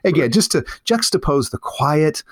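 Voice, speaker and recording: A man co-hosting a podcast in casual discussion, speaking in halting bursts with restarts. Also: a little high, sing-song, no echo, clean studio sound. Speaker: podcast co-host.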